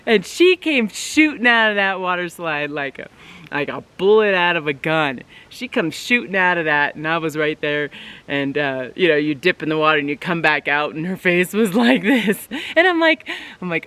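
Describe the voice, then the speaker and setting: A woman vlogger telling a casual story, getting animated with sudden high bursts when excited. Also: normal speed. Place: outdoors at a forest cabin.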